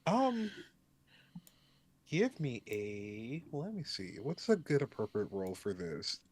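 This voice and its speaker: A man narrating a tabletop role-playing game as game master, pausing often with ums as he thinks. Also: medium pitch, wildly swooping pitch, a little mellow. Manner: slow, hesitant, many ums.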